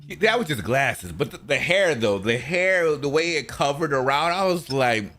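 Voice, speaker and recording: A man hosting a casual interview, teasing his guest with dry humor. His pitch moves in a lively, animated way while his voice stays mid-range. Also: moderate pace.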